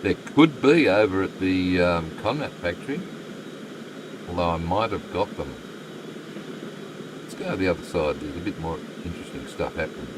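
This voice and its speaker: A man's voice: low voice, expressive, moderate pace, long pauses, noisy background. An Australian man live-streaming a game, chatting with viewers and muttering asides to the game. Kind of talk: live stream commentary, reading chat.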